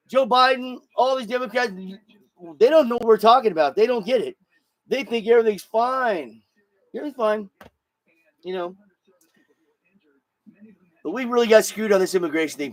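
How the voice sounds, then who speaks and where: A man's voice: sits high, no echo. A man hosting his own show, delivering a blunt, profane solo political rant and repeating words as he gets heated. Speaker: show host.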